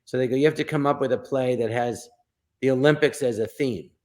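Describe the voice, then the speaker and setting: A man, a guest comedian, telling anecdotes and acting out the people in them with animated bursts. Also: medium pitch, fairly quick. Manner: acts out quoted voices in animated bursts. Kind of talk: storytelling anecdotes.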